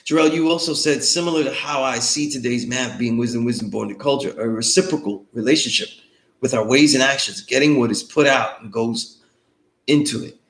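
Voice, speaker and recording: This online course instructor talks fairly quickly in a mid-range, fairly bright voice, recorded in an echoey room. His lecture style is casual and loose, and he frequently asks students "you know what I mean?"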